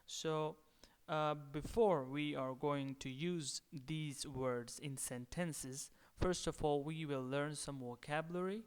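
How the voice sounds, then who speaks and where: A man giving a slow video lecture as a language teacher, repeating each word several times. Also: a little high, clear, resonant tone. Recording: long reverb.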